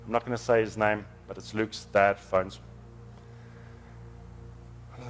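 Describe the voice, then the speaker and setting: A man's voice: lowish voice, steady tone, slow pace, long pauses, soft background music. A man, preaching a storytelling sermon in a church in an earnest, emotional, conversational way.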